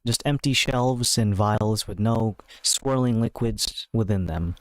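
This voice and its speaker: A man's voice: on the low side, no echo, low-quality recording. Guy game-mastering a tabletop session, laid-back describing, lots of uhs, dry mic. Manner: descriptive, unhurried, with many fillers.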